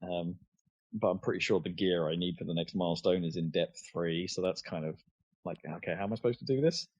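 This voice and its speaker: Podcast co-host, male, casual chat, halting delivery with fillers, lowish voice, dry lo-fi sound. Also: a little mellow, slightly rough, no echo. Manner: hesitant, many fillers and restarts. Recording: dull lo-fi podcast audio.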